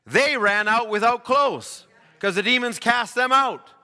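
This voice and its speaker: A man preaching a sermon, impassioned and building to shouts at the climaxes. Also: very high voice, animated, a little slow, big-room sound.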